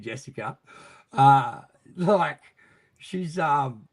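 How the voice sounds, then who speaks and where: An Australian man in his thirties, guest on an interview, speaks at an ordinary middle pitch. He rambles loosely, leans on "um" and "mate", and swears casually as he talks. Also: normal speed, rough recording. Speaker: interview guest, army veteran.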